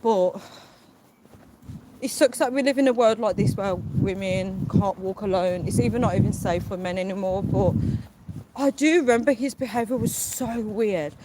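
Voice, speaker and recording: A young woman with a British accent talks into her phone as she walks outdoors at night. She retells what happened in a rush of asides and quoted lines. Traffic noise runs clearly under her voice. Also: medium pitch, normal speed. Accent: British English. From United Kingdom. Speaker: livestream vlogger. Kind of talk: casual livestream storytelling. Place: outdoors on a city street at night. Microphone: phone held while walking. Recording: noisy street traffic behind. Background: passing traffic.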